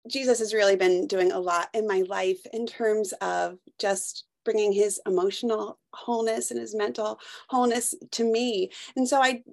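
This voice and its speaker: A woman's voice: medium pitch, creaky. A woman sharing a personal testimony at church, hesitant and searching for words. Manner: hesitant, with restarts and fillers. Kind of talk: personal testimony and scripture reading.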